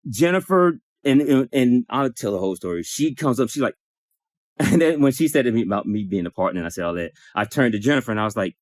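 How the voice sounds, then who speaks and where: A man in a support circle telling an emotional personal story, acting out the dialogue in lively bursts and swearing now and then. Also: mid-range voice, fast, dry recording, studio quality. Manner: animated, acts out dialogue, swears.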